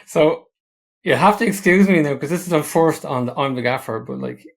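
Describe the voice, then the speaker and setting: A man's voice: on the high side, fairly quick, gravelly. A man hosting a podcast, asking teasing questions in a friendly, casual way and often repeating words. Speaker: podcast host. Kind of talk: casual interview chat.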